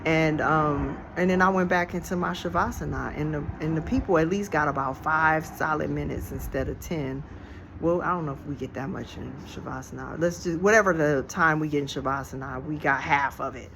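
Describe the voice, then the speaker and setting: On a porch outside, phone in hand, a vlogger tells a true story loosely and thoughtfully, with plenty of slang. The mid-range voice is gravelly and steady, moving a little fast over a noisy background.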